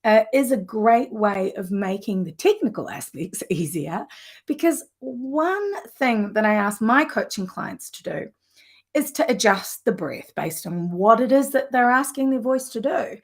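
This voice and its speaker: A woman vocal coach teaching a live lesson in an enthusiastic, conversational way, with warm asides. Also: on the high side, lively intonation, measured pace.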